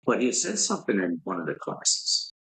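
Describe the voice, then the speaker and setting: A man's voice: lowish voice, huge pitch swings, fairly quick, bright, forceful tone, husky, rough recording. A man guesting on a podcast, telling a candid, rambling story and swearing casually. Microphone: podcast microphone.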